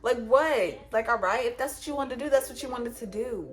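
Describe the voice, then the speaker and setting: A woman with a high voice tells a story casually straight to the camera. She repeats her lines and acts out the dialogue as she goes. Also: brisk, faint music behind. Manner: animated retelling with repetitions and quoted dialogue. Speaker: vlogger.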